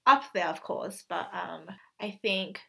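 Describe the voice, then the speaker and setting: A woman's voice: fairly low pitch, slow pace, gravelly, a bit bright. Young woman, podcast co-host, casual chatty delivery peppered with "like". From Australia. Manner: chatty, fills with "like". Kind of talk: casual chat.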